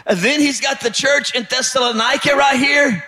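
A pastor preaching a sermon with emphatic, repetitive phrasing that rises to shouted peaks. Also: male voice, very high voice, moderate pace. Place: church sanctuary.

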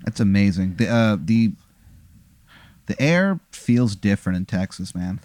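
Low-voiced man reacting with amused interjections. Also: lively intonation, unhurried, a little mellow, dry recording. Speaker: podcast co-host. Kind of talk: casual chat.

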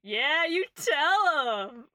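This is a lanky, drunk human bard with a squeaky, strained voice that leaps far above the speaker's own, done by a woman. He stammers and brags cheerfully, loud and a little sloppy. Dry, close sound. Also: sing-song, extremely slow, no echo, exaggerated voice. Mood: mock offended. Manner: tipsy, stammering, boastful.

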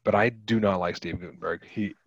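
A man's voice: on the low side, steady tone, a little fast, no room sound. A man in his thirties co-hosting a casual movie podcast, rambling with lots of fillers and restarts. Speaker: podcast co-host. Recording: dull lo-fi podcast mic.

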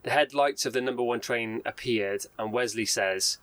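A man in a relaxed podcast chat, retelling a dramatic news story in a mid-pitched voice. He reads out quotes and stumbles now and then over names and restarts. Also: moderate pace, poor audio. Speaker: podcast co-host.

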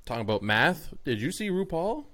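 A man co-hosting a casual podcast, tossing out deadpan wisecracks. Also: fairly high pitch, fairly quick, crowd noise. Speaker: podcast co-host.

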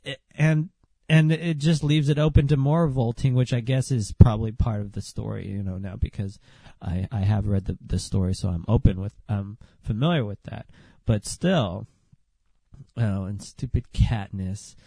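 A man's voice: fairly low pitch, moderate pace, creaky, dark tone, husky, no room sound. Sarcastic man ranting, a bit sick. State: under the weather, a bit sick. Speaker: podcast host. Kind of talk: solo podcast rant.

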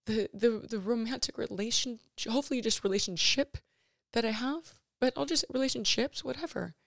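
A woman in her thirties hosting her own podcast, talking personally and emotionally in a halting way with many restarts and fillers. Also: a little high, creaky, fairly bright tone, no echo, clean studio sound. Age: 30s. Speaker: podcast host.

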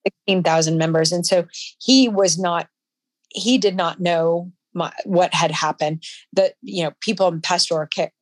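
This woman, low-pitched and captured in a dry recording, is a guest being interviewed. She recounts a personal story emotionally and haltingly, often starting her sentences over.

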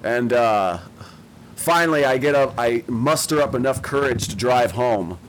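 A man's voice: mid-range voice, animated, measured pace, a little hiss or hum, rough recording. Rambling, profane young man. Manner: profane, rambling, self-mocking. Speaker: storyteller. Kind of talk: casual storytelling chat.

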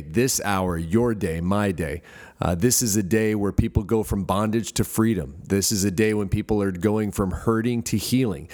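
A man's voice: lowish voice, a little mellow. A middle-aged man from the United States preaching a sermon as pastor, earnest, with frequent fillers and restarts. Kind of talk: podcast sermon.

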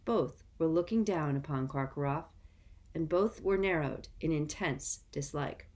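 A woman reading a storybook aloud in a measured, even narration. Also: low voice. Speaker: audiobook reader.

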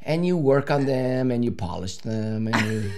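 A man's voice: mid-range voice, animated, normal speed, a loud crowd. A man co-hosting a casual podcast, joking, swearing and teasing his co-host. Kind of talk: casual banter.

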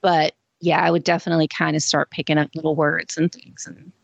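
A woman's voice: low voice, little pitch movement, a little fast, vocal fry, no room sound, dull audio. A woman co-hosting a podcast, chatting casually with lots of "like" and "um", without a regional accent. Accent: none; General American, no Southern accent. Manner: casual, filler-heavy, "like" and "um". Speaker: podcast co-host.

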